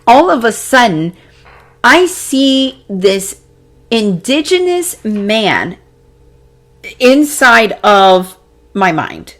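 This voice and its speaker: A young adult woman hosting a podcast, telling a personal story in a casual, animated way, swearing freely and acting out sounds. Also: fairly high pitch, extremely slow, pauses often. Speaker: podcast host. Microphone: podcast mic, seated in a squeaky chair.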